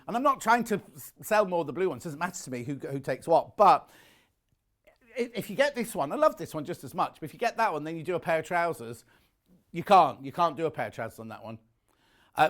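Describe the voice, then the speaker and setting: A man presenting on a shopping channel, talking in a rapid, chatty sales patter that often corrects itself, a bit out of breath, recorded on a lapel mic in a TV studio. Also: on the high side, a bit bright. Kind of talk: live TV sales pitch.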